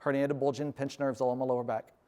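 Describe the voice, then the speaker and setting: A man's voice: medium pitch, little pitch movement, fast, a little mellow. A middle-aged man, a veteran, speaking earnestly to a university class about service dogs and breaking off to give his dog firm commands. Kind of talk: live class talk and demonstration.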